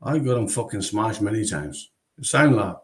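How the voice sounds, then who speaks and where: A man's voice: lowish voice, very animated, normal speed. A man hosting a casual livestream chat over a video call, ranting with heavy swearing. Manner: profane, ranting. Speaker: livestream host.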